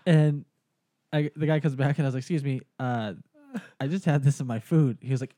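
A man's voice: mid-range voice, fairly even intonation, fairly quick, dark tone, no room sound, studio quality. Profane storytelling man. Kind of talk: casual chat.

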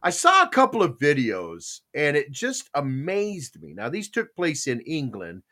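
Animated man telling stories. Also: on the high side, a little slow. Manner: animated storyteller, acts out both sides of quoted exchanges. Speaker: panel host. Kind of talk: casual chat retelling stories.

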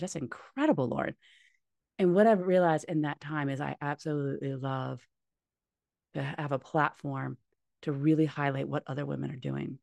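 A woman's voice: low voice, vocal fry, a little mellow, dry recording. A woman talking as a podcast guest, candid and heartfelt, swearing casually. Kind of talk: candid conversational interview.

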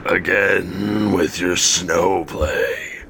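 A man's voice: sits low, fairly even intonation, very slow, vocal fry, sharp tone, exaggerated voice. A man voicing a towering, wary bugbear warrior who speaks in curt, disdainful lines. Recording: background noise.

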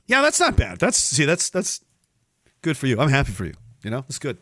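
A man's voice: fairly high pitch, big pitch swings, moderate pace, pauses often, bright, forceful tone, no echo, clean studio sound. A man hosting a livestream podcast, ranting sarcastically with a lot of swearing and frequent laughs. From Canada. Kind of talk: profane ranting chat with viewers.

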